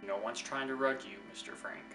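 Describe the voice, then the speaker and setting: A man's voice: medium pitch, fairly quick, gravelly, lightly acted. A man playing a coaxing, taunting caretaker. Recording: echoey and distant, faint music.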